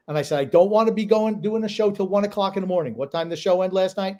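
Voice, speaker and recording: A man with a slightly higher-than-usual voice talks sports on a casual podcast. He is blunt and opinionated, swears freely and argues his points hard. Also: brisk, hardly any pauses, warm tone. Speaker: podcast co-host.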